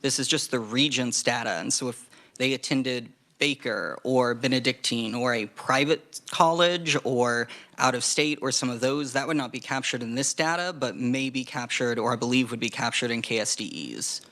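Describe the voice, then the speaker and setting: A man presenting testimony to a legislative committee, measured and hedging, with frequent fillers. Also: mid-range voice, pushed and bright.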